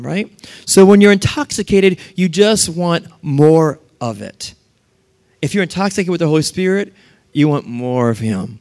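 Preacher, male, fairly high voice; animated sermon delivery with acted-out quotes. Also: normal speed. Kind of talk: sermon with scripture reading.

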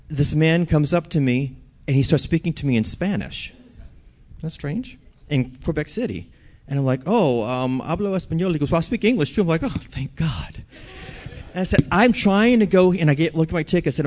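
A man's voice: on the high side, darkish tone. A man preaching a sermon, telling a personal story and asking the audience questions.

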